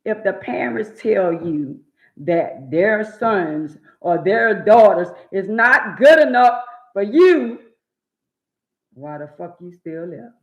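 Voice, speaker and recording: A woman's voice: mid-range voice, expressive, slow. A woman hosting a live stream, bluntly and profanely lecturing her viewers and repeating words for emphasis. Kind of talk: preachy live-stream rant. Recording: echoey room, dull lo-fi sound.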